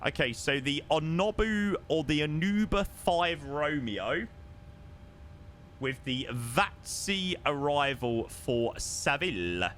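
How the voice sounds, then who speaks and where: A young man chatting casually on a live stream while flying a sim, excitable and self-mocking. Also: medium pitch, a little hiss or hum.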